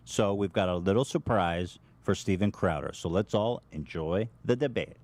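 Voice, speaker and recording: A man with a lowish voice talks on a podcast in a relaxed, casual way. He jokes and runs himself down with a dry, teasing manner. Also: moderate pace. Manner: joking, self-deprecating. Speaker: podcast host.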